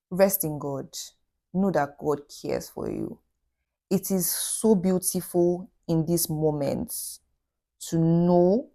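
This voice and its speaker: A woman speaks tenderly to her viewers in a heartfelt advice vlog. Her voice sits low and mellow, and she comforts and encourages, repeating her phrases for emphasis. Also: gravelly. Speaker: vlogger.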